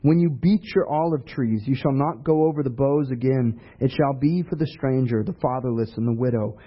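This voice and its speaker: A man's voice: medium pitch, moderate pace. A man preaching a sermon in a conversational way, asking rhetorical questions. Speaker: pastor. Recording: dull lo-fi recording.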